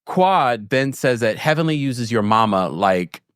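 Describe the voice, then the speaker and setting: A man chatting through a recap with a lively, swooping voice and a middling pitch. He laughs and restarts his sentences. The sound is dry and close. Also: a little slow, clear, resonant tone, no echo. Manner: chatty, animated, with laughs and self-corrections. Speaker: show host recapping a reality series. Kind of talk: casual live recap chat.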